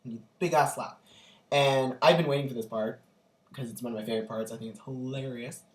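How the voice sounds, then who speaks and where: A man's voice: medium pitch, a little fast. A young man recounts his day in an eager, gushing way, piling on fillers as he goes. His voice sounds roomy and echoing. He seems to be sitting some way back from the camera mic. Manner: gushing, animated storytelling with many fillers. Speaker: vlogger. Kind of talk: casual storytelling vlog. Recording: echoey room, distant from the mic.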